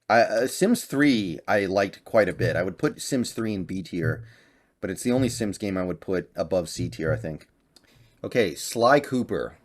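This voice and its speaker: Young male gaming host, lower register, relaxed off-the-cuff chat. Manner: chatty, offhand, thinking aloud. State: slight cough and voice crack. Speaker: gaming YouTuber. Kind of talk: casual tier-list commentary.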